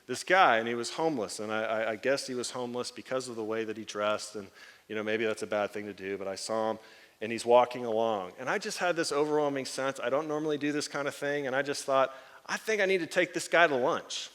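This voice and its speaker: A pastor preaches to his congregation with a lively storyteller's delivery, slipping into the voices of the people he describes. His voice sits at an ordinary middle pitch for a man. It rings with the long reverb of a church hall. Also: quick pace. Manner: animated storyteller acting out quoted voices, laughing. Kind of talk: sermon with storytelling. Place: church sanctuary.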